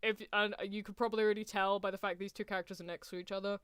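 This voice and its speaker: A woman streaming a live anime reaction, gushing and excitable, laughing often and swinging between loud cries and hushed near-whispers. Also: mid-range voice, very fast, smooth, no room sound, studio quality. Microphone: headphones on while streaming.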